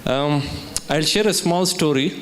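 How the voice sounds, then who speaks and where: A man's voice: fairly high pitch, unhurried, fairly bright tone, slight background noise. A man from India speaking as a keynote speaker at a student summit, telling a story and asking the audience questions. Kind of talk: motivational talk with storytelling. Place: lecture hall at a student summit.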